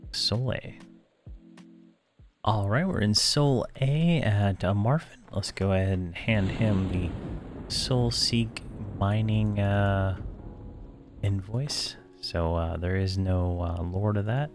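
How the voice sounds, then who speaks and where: A man's voice: sits low, gravelly. A man casually talking through a video game quest, with lots of hesitations. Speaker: gamer commentator. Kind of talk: game playthrough commentary.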